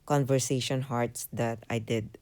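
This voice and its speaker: Woman narrating her craft journal, lots of uh and um, very low mellow voice, slow and smooth. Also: fairly even intonation. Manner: hesitant, many fillers, apologetic. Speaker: craft channel host. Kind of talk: casual voiceover of a craft walkthrough. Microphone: voiceover mic.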